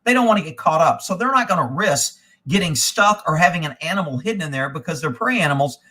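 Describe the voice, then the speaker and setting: A man hosting a live show, telling a long profane story in a casual, animated way and quoting the people involved. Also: on the high side, fast talker. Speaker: host.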